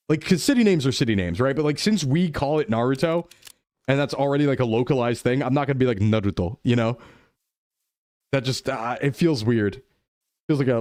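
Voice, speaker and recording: Lively young man streaming a game. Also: medium pitch, dry recording, clean studio sound. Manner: playful, jumps into goofy voices and dub impressions. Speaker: VTuber streamer. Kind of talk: casual gaming chat.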